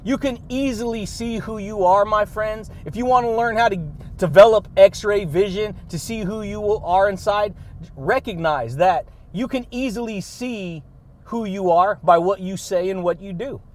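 A man hosting a motivational podcast, talking in an energetic, playful way with punchy catchphrases, rhetorical questions and frequent laughs. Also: sits high, unhurried. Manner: hyped and playful, laughs often between lines.

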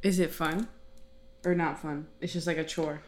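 A woman's voice: deep voice, fairly even intonation, normal speed, darkish tone. A young woman hosting a podcast, asking questions and reacting with teasing disgust. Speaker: podcast host. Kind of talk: casual podcast chat.

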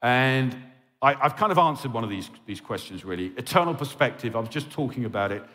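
A man's voice: medium pitch, animated, brisk, pushed and bright. A man preaching a sermon as a pastor, pleading and impassioned, often checking in with his listeners. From England. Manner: impassioned and pleading, with frequent "okay?" check-ins. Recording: reverberant hall.

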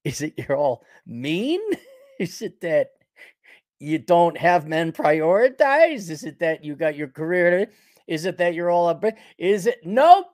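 A man's voice: a little high, expressive, measured pace, a little mellow, no echo, studio quality. A middle-aged man hosting his own podcast, talking in a rambling, sarcastic, opinionated monologue full of restarts and chuckles. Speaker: podcast host.

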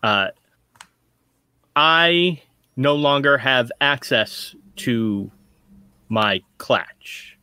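A man voicing a stiff, formal corporate agent who speaks in a halting, measured way. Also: mid-range voice, lively intonation, pushed and bright, clean tone, no room sound, heavily acted.

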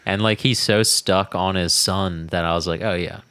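A man's voice: low-pitched, steady tone, normal speed, a bit bright, no room sound. A young man co-hosting a casual chat, sarcastic and laughing often as he mocks what others say. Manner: sarcastic, laughing, mocking voices.

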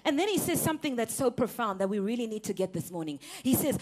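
Lively high-voiced woman preaching a sermon. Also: fast talker, few pauses. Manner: animated, emphatic, laughs often, repeats words.

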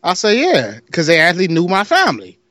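A man's voice: sits high, brisk, no room sound, studio quality. A man with a Detroit accent, casually telling a long story on a podcast, acting out the other people's lines and laughing as he goes. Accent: Detroit, Michigan. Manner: animated storyteller, acts out other voices, laughs often.

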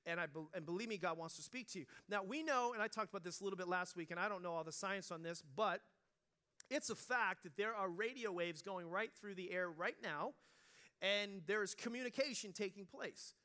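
A middle-aged man delivers a sermon in a high, ringing voice with a bright edge. His preaching is casual and conversational, full of jokes and stumbling restarts as he works toward his point. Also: brisk. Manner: conversational and joking, with many restarts. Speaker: pastor.

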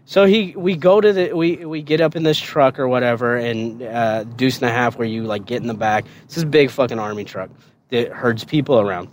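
A man's voice: fairly quick, a little hiss or hum. A man on a podcast telling a story from his past, swearing freely, laughing often, and acting out the other people's lines. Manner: laughing, swearing, acts out quotes in a higher voice. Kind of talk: casual storytelling.

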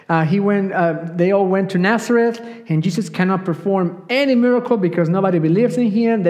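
A man with a notably high voice delivers a sermon in a church. He tells the Bible story in an animated, storytelling way and briefly acts out the quoted lines. His words trail off into a long, echoing hall reverb. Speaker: preacher. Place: church sanctuary.

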